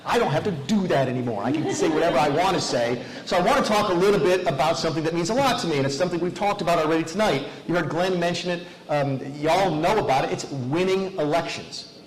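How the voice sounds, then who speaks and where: A man's voice: fairly high pitch, fast talker, poor audio. A man giving a folksy, self-deprecating rally speech full of anecdotes, recorded in a large venue. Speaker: political speaker.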